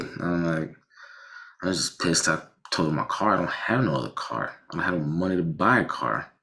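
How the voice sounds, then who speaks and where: A man casually telling a personal story about a car accident, animated, with frequent restarts and blunt swearing. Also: deep voice, normal speed, vocal fry, pauses often.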